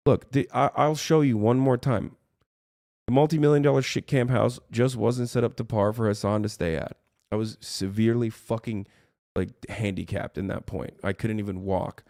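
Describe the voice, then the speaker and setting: A man's voice: mid-range voice, moderate pace, gravelly, darkish tone, no echo, studio quality. A man ranting on his livestream, heated and profane, rambling as he talks to his chat from his streaming room.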